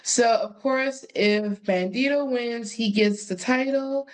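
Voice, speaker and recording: A woman's voice: on the high side, slow, poor audio. A young woman co-hosting a podcast, laid-back and casual as she introduces the next matches. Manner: laid-back, steering the talk. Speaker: podcast co-host.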